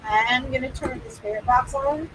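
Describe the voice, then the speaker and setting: A woman hosting a live paranormal session who talks excitedly, laughs often and repeats herself. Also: high voice, normal speed, very noisy. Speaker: paranormal livestream host.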